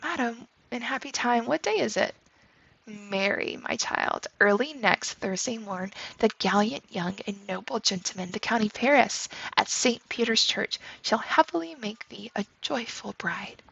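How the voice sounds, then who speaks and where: A woman's voice: fairly high pitch, a little slow, creaky, a bit bright, slightly rough, lo-fi sound, full character voice. A woman teacher reading the part of Lady Capulet, a stern and vengeful noble mother, in verse with a commanding tone. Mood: announcing.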